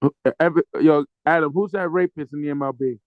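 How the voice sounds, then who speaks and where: A man co-hosting a casual sports podcast, ranting in mock anger with lots of swearing and slow, drawn-out words. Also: a little high, fairly even intonation, dry recording, narrow, tinny audio. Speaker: podcast co-host.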